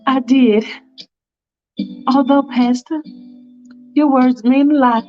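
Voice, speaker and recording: A woman's voice: sits high, steady tone, slow, soft background music. A woman voicing a remorseful woman on trial, confessing earnestly. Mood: resigned. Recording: dull lo-fi recording.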